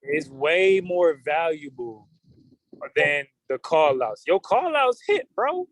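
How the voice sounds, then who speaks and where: A man's voice: on the high side, big pitch swings, slow pace. A man leading a live trading stream, talking loosely and hyping up his results in casual slang. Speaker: trading group leader. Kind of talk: casual livestream talk.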